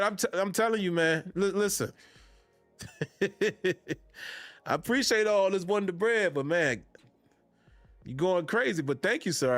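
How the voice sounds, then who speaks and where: This podcast host is a man with a high, slightly bright voice, chatting casually on a sports fan show. He uses laid-back, Southern-tinged slang and laughs often. The recording is dry.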